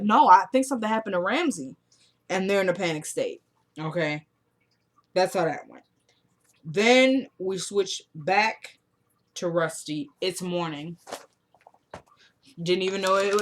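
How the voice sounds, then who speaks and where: Chatty young woman recapping a TV episode. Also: medium pitch. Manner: chatty, retells scenes quoting characters with 'he's like'; gets loud and excited at twists. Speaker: TV recap vlogger.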